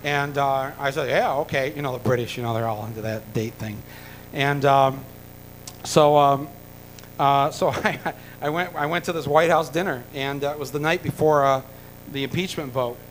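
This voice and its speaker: A man's voice: medium pitch, fairly even intonation, normal speed, a little hiss or hum, rough recording. A man from the United States tells a long, rambling story with many fillers and restarts, dropping in wry jokes. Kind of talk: rambling anecdote told to an audience.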